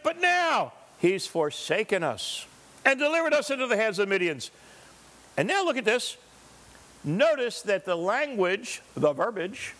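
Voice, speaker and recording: A man's voice: sits high, a bit bright. A male pastor preaching a sermon, driving his points home with rhetorical questions and briefly acting out the voices of scripture figures.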